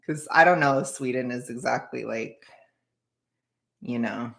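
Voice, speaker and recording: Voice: medium pitch, gravelly, a bit bright. Rambling, jittery streamer chatting with chat, laughs a lot. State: anxious, jittery. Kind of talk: casual livestream chat with viewers.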